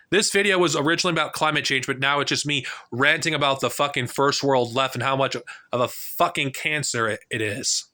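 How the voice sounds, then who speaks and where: A man's voice: medium pitch, a little fast, bright, forceful tone. A man in his thirties delivering an angry, profane political rant to a camera, talking heatedly and restarting his sentences often. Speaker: political vlogger. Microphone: camera mic.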